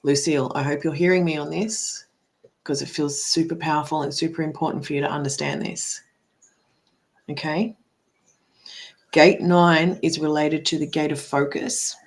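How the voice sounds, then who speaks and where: Speaking at a moderate pace with fairly even intonation and frequent pauses, this low-voiced woman is a spiritual and business coach doing a live card reading. She swears freely, addresses viewers by name, speaks emphatically, and keeps tagging on "right?".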